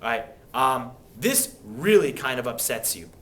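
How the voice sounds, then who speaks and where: A young man teaching history in a casual, animated way, acting out quoted people with sudden voice changes. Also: medium pitch, measured pace. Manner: animated, acts out quoted speakers. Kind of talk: classroom history lecture.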